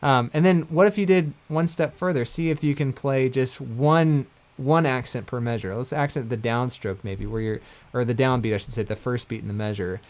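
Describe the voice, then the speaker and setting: A man giving a casual livestream mandolin lesson, talking in a relaxed, rambling way and correcting himself often. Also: medium pitch, moderate pace, hardly any pauses. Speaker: mandolin teacher. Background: mandolin playing between phrases.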